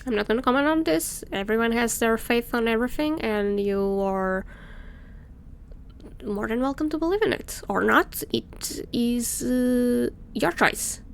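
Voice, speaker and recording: A woman's voice: fairly high pitch, animated, measured pace, creaky, a little hiss or hum. A woman streamer chatting casually and ranting while she reads game text aloud. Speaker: let's play streamer.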